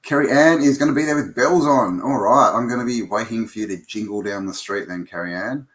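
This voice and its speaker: A man's voice: mid-range voice, brisk, fairly bright tone. A man hosting a casual live stream, greeting viewers by name and rambling with lots of ums and restarts.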